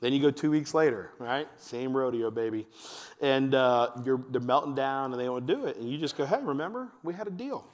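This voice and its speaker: A man giving a talk to fathers at church, telling family stories and acting out his kids in a high voice. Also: moderate pace. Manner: animated storytelling, acts out his kids in a high voice. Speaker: men's ministry speaker. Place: church hall. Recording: long hall reverb.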